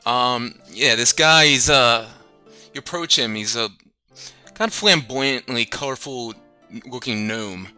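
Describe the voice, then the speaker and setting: A man's voice: mid-range voice, a little slow, sharp tone, smooth, soft background music. A man narrating as game master of a tabletop game in a casual, rambling way. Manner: casual, filler-heavy narration.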